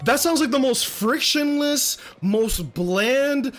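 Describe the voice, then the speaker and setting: A man's voice: very high-pitched, expressive, slow pace, a bit bright, faint music behind. A young adult man streaming live, ranting with heavy profanity. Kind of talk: casual livestream rant.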